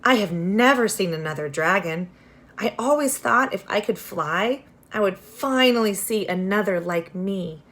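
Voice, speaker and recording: A woman voicing a gentle, naive young male dragon who speaks earnestly and eagerly in a read-aloud storybook. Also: mid-range voice, lively intonation, unhurried. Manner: earnest, eager, a little wistful.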